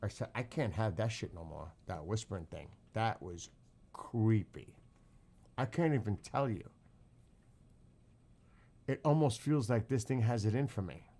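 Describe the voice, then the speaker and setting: Casual streamer guy, fairly low voice, swears a lot, loose chatty storytelling. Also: expressive, moderate pace, creaky, dark tone. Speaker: livestream host. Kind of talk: casual livestream chat.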